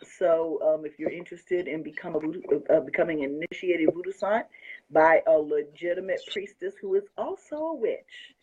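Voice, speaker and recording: Host: woman, husky, effusive and gushing, slightly muffled lo-fi sound. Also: low-pitched, animated, moderate pace, a little mellow. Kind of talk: excited casual chat.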